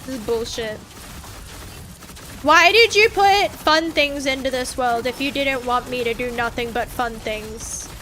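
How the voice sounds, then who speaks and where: A woman's voice: sits high, measured pace, sharp tone, a little hiss or hum. A woman streaming a game in casual chat, dramatic and whiny, swearing freely as she talks.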